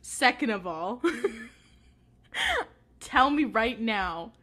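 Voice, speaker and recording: Bright high-voiced woman chatting. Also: drawn-out words. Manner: laughs often, excited storytelling. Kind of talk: casual chat.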